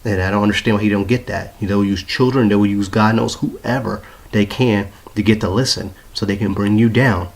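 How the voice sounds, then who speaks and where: A man's voice: lowish voice, steady tone, fairly quick, vocal fry, hardly any pauses, husky. A man venting in an aggrieved, repetitive way to his phone in his apartment room, swearing as he talks. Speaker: vlogger. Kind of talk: ranting phone video to viewers. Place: apartment bedroom. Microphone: handheld phone.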